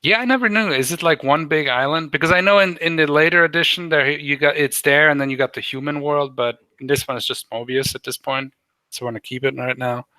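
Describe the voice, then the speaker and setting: A man's voice: on the high side, fairly quick, pushed and bright, no room sound. A man narrating as game master, rambling and full of fillers.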